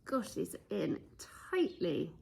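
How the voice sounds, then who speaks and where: This woman has a fairly low, sing-song voice with vocal fry and a breathy edge, and she takes her time. She's a DIY vlogger in a cluttered workshop, casually narrating a how-to while she works and muttering her thoughts aloud.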